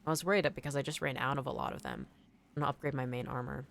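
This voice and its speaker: A woman's voice: rumbling low, sing-song, very fast, creaky, a bit bright. A young woman streaming a video game, chatting casually, thinking aloud and answering her chat. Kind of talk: casual gameplay commentary.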